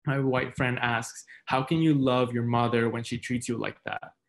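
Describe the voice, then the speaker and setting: A young Mexican American man reading his poems aloud at an online reading, measured and deliberate, with soft fillers between pieces. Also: mid-range voice, fairly even intonation, creaky. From Mexican American, raised outside New York. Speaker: poet. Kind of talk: poetry reading. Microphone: video call.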